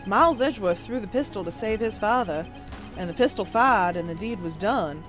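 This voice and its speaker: A woman voicing a pompous older male lawyer, reading game dialogue aloud in a slow, deliberate way. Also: medium pitch, expressive, fairly bright tone, faint music behind, pitched below the performer's own voice, natural voice. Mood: grave.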